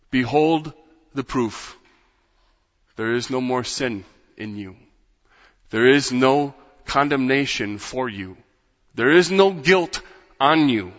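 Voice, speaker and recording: A man preaching a sermon in rhythmic, repeated phrases that build to loud, impassioned peaks. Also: on the low side. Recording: dull sound with long hall reverb.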